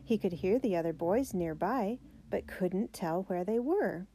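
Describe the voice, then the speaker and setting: A woman narrating a children's biography storybook, reading the characters' lines with raised pitch and emphasis. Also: expressive, unhurried, warm tone, a little hiss or hum. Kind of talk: storybook read-aloud.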